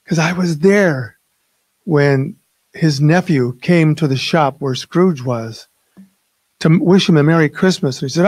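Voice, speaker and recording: A man's voice: a little high, measured pace, a little mellow, slightly rough, dry recording. An older man giving a reflective personal talk at a spiritual open mic, speaking hesitantly with restarts.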